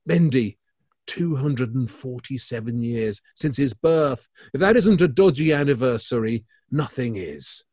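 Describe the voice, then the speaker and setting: A man's voice: mid-range voice, animated, a little slow, darkish tone, slightly rough, no echo, clean studio sound. A man co-hosting an art podcast, bantering in a playful, theatrical way with his co-host.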